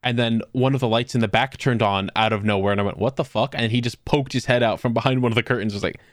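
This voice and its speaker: A man's voice: medium pitch, fast talker, dry recording, clean studio sound. A young man telling funny stories on a podcast, joking and acting out what people said. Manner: joking, animated storyteller acting out quotes. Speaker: podcast co-host. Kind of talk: casual storytelling.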